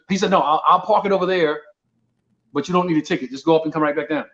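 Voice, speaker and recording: Rapid-fire and fairly high-pitched, a comedian from Brooklyn, New York tells a story in a casual, animated way, voicing the dialogue himself. The audio has its highs cut off.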